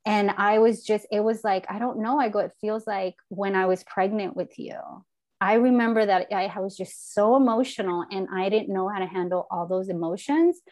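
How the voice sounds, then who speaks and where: A woman's voice: mid-range voice, moderate pace, a little mellow. A woman in her forties talking in an earnest, reflective way, casual and candid, with the odd swear word, as a podcast host. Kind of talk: candid heartfelt conversation.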